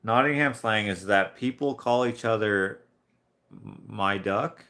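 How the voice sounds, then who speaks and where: A man's voice: lowish voice, unhurried, bright, forceful tone. A man from Canada chatting casually during a live painting stream, rambling through anecdotes and chuckling along. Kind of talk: casual chat while painting.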